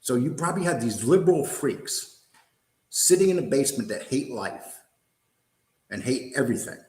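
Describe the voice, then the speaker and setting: A man's voice: mid-range voice, very animated, moderate pace, darkish tone. An older man hosting a livestream, ranting angrily in a profane, combative, mocking way. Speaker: host. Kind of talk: angry livestream rant. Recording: roomy echo.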